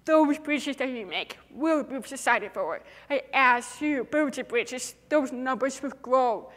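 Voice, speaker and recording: Speaking a little slowly in a high, fairly bright voice, a young woman with a deaf speaker's accent delivers an earnest, emphatic inspirational talk at TEDx. The large hall she's in is reverberant.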